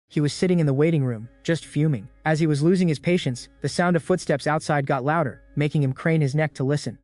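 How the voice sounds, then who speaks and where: A man narrating a recap in a brisk, casual storytelling style. His voice sits a little high, and the recording is dry and close with no room sound. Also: a little mellow, no echo. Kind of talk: scripted narration.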